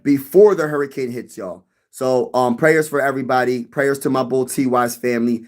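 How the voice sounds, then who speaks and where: A man hosting a casual sports live stream, chatting with viewers in an animated way and often repeating himself. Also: medium pitch, moderate pace. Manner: animated, repeats himself, addresses chat directly.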